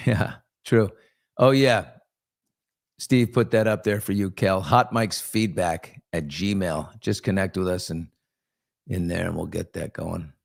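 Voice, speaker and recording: A man's voice: sits low, slow, creaky. A man hosting a casual live talk show, joking around and rambling with asides to his crew. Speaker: host.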